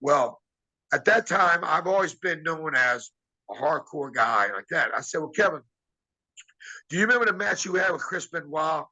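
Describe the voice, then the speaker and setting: A man's voice: mid-range voice, pushed and bright, poor audio. A man, a former wrestler, telling rambling anecdotes in a casual interview and acting out the dialogue he quotes. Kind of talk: casual storytelling.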